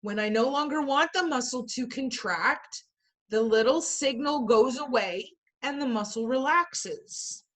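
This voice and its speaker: A woman's voice: high-pitched, measured pace, a bit bright. A woman teaching an online class over a video call, chatty and emphatic. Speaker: instructor.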